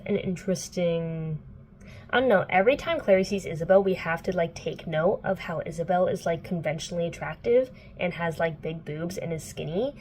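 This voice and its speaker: There's a little hiss or hum behind this young woman's lowish, darkish voice as she briskly recaps a book's plot indoors. A casual book vlogger, she keeps it chatty and playful, full of "like" and cursing.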